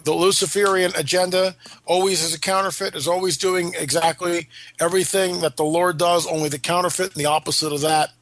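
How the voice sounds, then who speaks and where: A man's voice: on the high side, a bit bright. A man hosting a talk radio show, rambling with fillers and restarts, his voice stuffed up from allergies. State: congested from allergies. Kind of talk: casual talk radio monologue.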